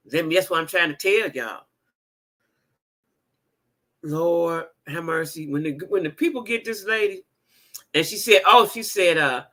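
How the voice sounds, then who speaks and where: A woman in her fifties telling a story in a casual vlog, animated and emphatic, laughing as she talks. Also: fairly low pitch, moderate pace. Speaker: vlogger.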